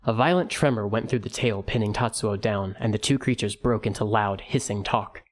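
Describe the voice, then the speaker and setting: Reading a fantasy book aloud, a man with a lowish voice narrates in a calm, measured way. It's scripted audiobook narration with a consistent, even storytelling manner.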